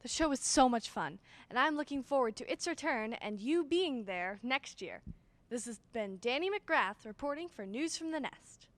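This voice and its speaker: A teenage girl reports with a high, animated voice full of enthusiasm. The recording is dry and close. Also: normal speed, dry recording. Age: teens. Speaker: student reporter. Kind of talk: news reporting.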